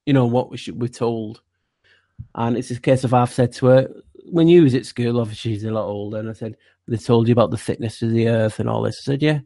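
A man with a noticeable accent talks through a casual podcast chat, circling his points with fillers and restarts. His voice sits at an ordinary middle pitch. The recording is dry, with no room sound. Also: fairly even intonation, fast, gravelly, mellow, no room sound. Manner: rambling, with many fillers and restarts. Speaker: guest co-host.

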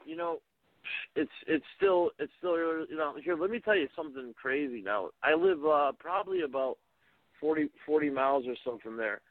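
A man, himself a radio host, talking casually as a guest, halting and full of "you know" and restarts. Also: fairly high pitch, animated, no echo. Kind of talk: casual call-in conversation. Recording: tinny phone line.

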